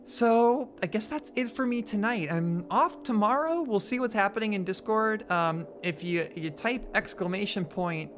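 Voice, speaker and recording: A woman chatting casually on a live stream, excitable and swearing freely, cooing at her dog between thank-yous. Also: mid-range voice, normal speed, hardly any pauses, slight background noise.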